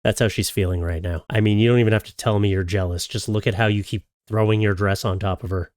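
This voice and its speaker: A man's voice: on the low side, fairly even intonation, fast talker, darkish tone, dry recording, studio quality. A man giving casual, sarcastic reaction commentary on video clips, chatty and mock-scolding.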